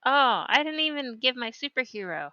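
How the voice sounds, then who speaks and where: A woman's voice: sits high, big pitch swings, normal speed, sharp tone, no echo, lo-fi sound. A woman in casual chat on a live stream, giggly and rambling as she searches for words.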